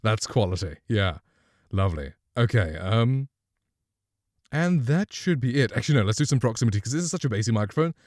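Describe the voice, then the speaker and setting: A man's voice: medium pitch, expressive, a little fast, no room sound. A man streamer giving a casual review and demo of a microphone, chatty and rambling, often correcting himself, speaking into a studio condenser mic up close at his home streaming setup.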